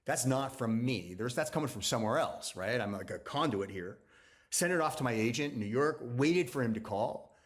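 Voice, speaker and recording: A man's voice: medium pitch, animated, moderate pace. A man, a novelist, telling the story of his book in a loose, chatty interview, restarting sentences and acting out what other people said. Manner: chatty, acts out other people's lines in quotes. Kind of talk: anecdotal conversational storytelling.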